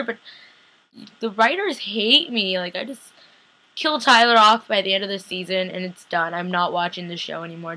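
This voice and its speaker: A young woman chatting through a casual episode recap, excitable and dramatic as she rants like a fan. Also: mid-range voice. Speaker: fan vlogger reviewing a TV episode.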